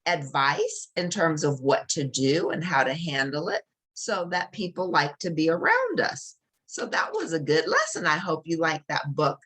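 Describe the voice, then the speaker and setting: A woman reading a children's picture book aloud, gently explaining each page to young listeners. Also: deep voice, big pitch swings, unhurried.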